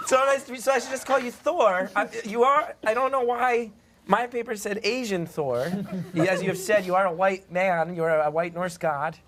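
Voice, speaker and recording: A man's voice: high voice, moderate pace, some chatter behind. A man hosting a live comedy show, flustered and stammering through apologies. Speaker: host. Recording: loud studio audience.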